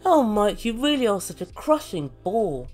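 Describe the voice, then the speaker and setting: A woman's voice: medium pitch, big pitch swings, normal speed, a little mellow, soft background music. A woman recapping a reality show with a sardonic, mocking delivery and free swearing. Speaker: reality TV reviewer. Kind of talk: sarcastic recap commentary.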